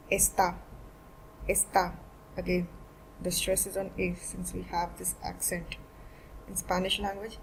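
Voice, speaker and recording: A woman's voice: mid-range voice, slight background noise, poor audio. A woman teaching a beginner Spanish lesson, explaining each point step by step and repeating every word form twice.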